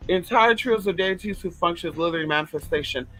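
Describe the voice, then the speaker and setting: Male livestream host, sassy and flamboyant, casual chat, bright fairly high voice. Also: fast talker, low-quality recording. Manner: sassy, flamboyant, swears freely. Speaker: livestream host reading viewer comments.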